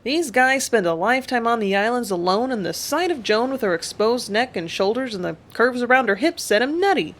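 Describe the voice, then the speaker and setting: A reader voicing a coarse, worldly ship's mate who drawls in a knowing way. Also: male voice, very high-pitched, expressive, fairly quick, hardly any pauses, fairly bright tone, exaggerated voice.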